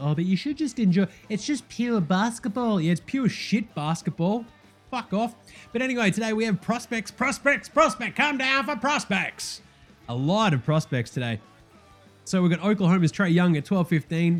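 An Australian man with a notably high voice rants through a comedic sports podcast. He is blunt, sweary and sarcastic, with faint guitar music playing underneath. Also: darkish tone. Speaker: host.

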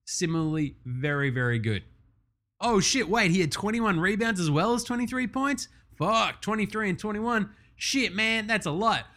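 A young Australian man hosting a casual sports podcast, loose and profane, getting excited over stats. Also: a little high, a little slow. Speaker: podcast host.

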